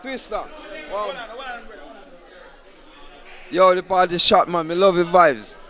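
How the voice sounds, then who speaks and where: A man with a Jamaican accent giving excited shout-outs as an interviewer at a party. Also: high voice, slow, some chatter behind. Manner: excited, hyping. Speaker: event interviewer. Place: outdoors at a party.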